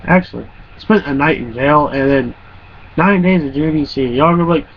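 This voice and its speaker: A man's voice: fairly high pitch, moderate pace. A man around twenty telling stories in a casual, rambling and profane way, often laughing. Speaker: vlogger. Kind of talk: casual storytelling. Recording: muffled lo-fi recording with faint hum.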